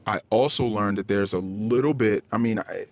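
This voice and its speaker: Low-voiced middle-aged man, halting podcast monologue. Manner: halting and candid, frequent restarts and searching for words. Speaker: podcast host. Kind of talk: personal confessional podcast monologue. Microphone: podcast microphone, self-recorded.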